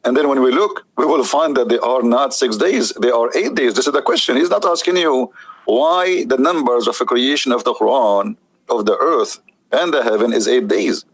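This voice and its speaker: A man's voice: mid-range voice, moderate pace, slightly rough, poor audio. A man hosting a debate show, giving mocking, emphatic commentary on a played clip.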